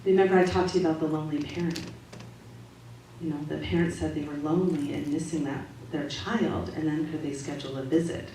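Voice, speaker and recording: A woman giving a calm, measured, gently instructive Sunday talk to a congregation, as a spiritual practitioner. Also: sits low. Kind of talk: sermon-style talk to a congregation. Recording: echoey hall audio from far off, faint noise.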